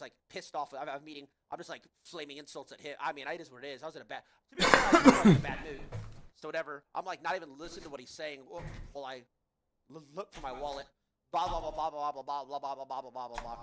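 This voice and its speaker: A man's voice: a little high, echoey room, a little hiss or hum. A young man telling a story as a podcast host, casual and profane, exasperated, calling listeners "bro.". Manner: profane, animated, exasperated, says "bro" often.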